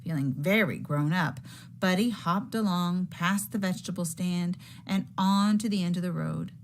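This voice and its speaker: A woman teacher reading a picture book aloud to children in a slow, expressive storytelling manner. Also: lowish voice, slight background noise.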